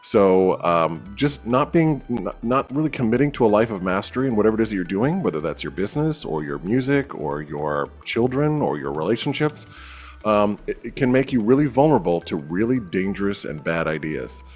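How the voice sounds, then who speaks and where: A man who sings, a guest on a talk show, speaking excitedly with animated restarts. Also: on the low side, brisk, soft background music. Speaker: guest, singer. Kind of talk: casual chat.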